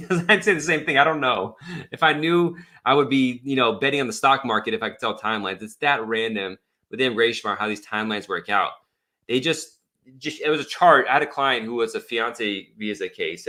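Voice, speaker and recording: A man's voice: mid-range voice, sharp tone. A man who is an immigration attorney answers viewer questions on a live stream in a blunt, exasperated, rambling way.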